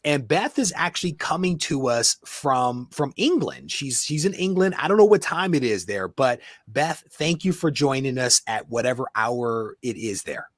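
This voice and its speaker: A man hosting a relaxed interview over a video call, his pitch swinging widely as he talks. The sound is dry and close, and he repeats words and laughs a lot between questions. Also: moderate pace, few pauses, no echo. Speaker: podcast host. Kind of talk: casual interview chat.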